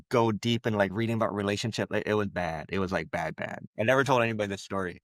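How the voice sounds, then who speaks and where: A man with a fairly low voice shares a painful personal story as an interview guest. He speaks in a reflective, halting way, leaning on fillers. The sound is dry and close. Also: a bit bright, no room sound.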